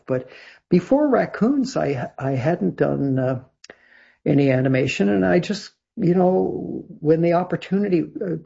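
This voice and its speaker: An older man from Canada, a guest songwriter and producer, telling stories in a rambling, husky way with many restarts and laughs. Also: a little high, mellow. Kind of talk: casual interview storytelling. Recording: dull lo-fi sound.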